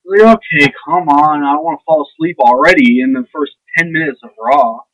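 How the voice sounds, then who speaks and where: A man's voice: a little high, fairly quick, a bit bright, dry recording, dull audio. A young man ranting to camera in a blunt, sarcastic, profane and rambling way. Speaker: vlogger. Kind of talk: casual ranting monologue.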